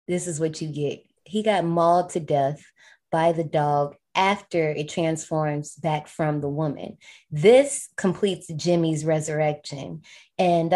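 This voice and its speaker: A woman with a somewhat low voice chats casually on a podcast, recapping a film. She is slangy and animated and laughs often. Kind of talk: casual chat.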